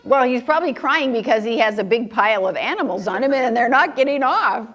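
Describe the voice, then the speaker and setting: A woman's voice: a little high, animated, brisk, fairly bright tone, muffled recording. A woman reading picture books aloud to a group of young children, playful and sing-song, asking them questions and laughing often. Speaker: children's story time reader.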